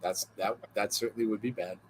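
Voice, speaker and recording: On the low side and slightly rough, his voice keeps a steady tone as he talks a little fast. He co-hosts a wrestling podcast, reading viewer jokes in casual chat with lots of chuckles, fillers, and loose rambling.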